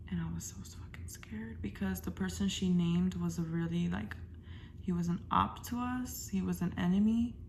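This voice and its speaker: A young woman vlogger telling a personal story in casual, halting talk that sometimes drops to a whisper. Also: fairly low pitch, creaky, slight background noise. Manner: halting, trails into soft whispers.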